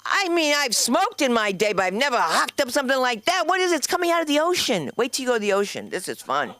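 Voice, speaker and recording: The owner of a comedy school, a woman from New Jersey with a matching accent, hosts a stand-up show from the club stage. Her high, bright, sing-song voice races along as she rambles in a brash, profane way, captured in a dry recording.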